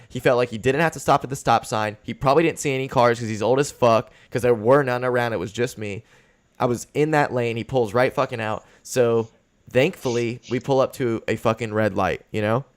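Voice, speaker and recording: Profane, fired-up young man ranting. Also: mid-range voice. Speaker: podcast host. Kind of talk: casual chat.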